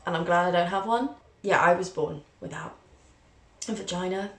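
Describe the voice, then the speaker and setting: A young Englishwoman in her 20s, a vlogger and journalism student, tells personal stories to camera in a fairly low voice at a moderate pace. She's chatty, candid, self-mocking and playfully dramatic, and the sound is roomy.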